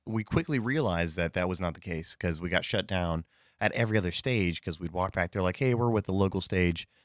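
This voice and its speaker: A man's voice: deep voice, fairly quick, a bit bright, no echo, clean studio sound. A man telling a casual anecdote in a rambling way, with fillers, swearing and self-corrections. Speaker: storyteller.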